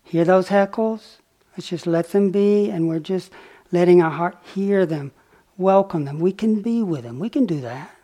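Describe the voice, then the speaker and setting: A man giving a dharma talk as a meditation teacher, telling a story gently and unhurriedly, with pauses and small fillers. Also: high-pitched. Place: retreat center meditation hall.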